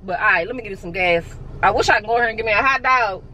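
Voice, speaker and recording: A woman's voice: mid-range voice, rapid-fire, pushed and bright, a little hiss or hum, rough recording. A young woman, chatting casually and emotionally to her vlog viewers on a phone camera. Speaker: vlogger.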